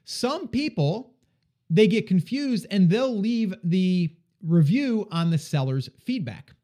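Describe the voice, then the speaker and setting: Podcast host guy, slightly higher voice, laid back, keeps checking in with listeners. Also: expressive, takes it slowly, mellow. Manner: casual, coaching, repeats "okay?" to check understanding. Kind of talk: advice podcast answering listener questions.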